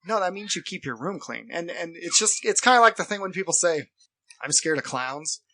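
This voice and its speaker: Man, podcast co-host, earnest, bright tone, fairly high voice, acts out quotes. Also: expressive, dry recording. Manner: earnest, acts out quoted people, fast shifts in loudness. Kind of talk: casual podcast conversation.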